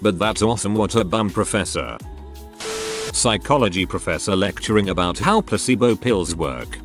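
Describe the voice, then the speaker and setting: A man's voice: lowish voice, normal speed, music in the background. A man narrating online stories in a scripted, storytelling delivery.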